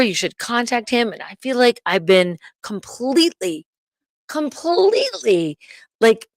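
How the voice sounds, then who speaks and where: A woman rants on her own livestream, swearing freely and sounding heated and indignant. Her voice sits at an ordinary middle pitch. The sound is close and dry, with almost no room echo. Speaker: livestream host. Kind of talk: ranting livestream monologue.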